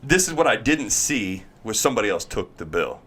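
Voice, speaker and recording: Male storyteller, thirties, lowish voice, animated, plays out the dialogue himself. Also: a little fast, slight background noise. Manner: animated storyteller, acts out voices, laughs while talking. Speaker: former pro baseball pitcher, podcast guest. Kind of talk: casual storytelling chat.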